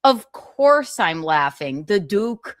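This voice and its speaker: A woman's voice: mid-range voice, takes it slowly, no echo, studio quality. A woman in a casual gossip chat, telling stories with laughter and acting out quoted lines. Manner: laughing, animated storytelling with mimicked quotes. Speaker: stream guest.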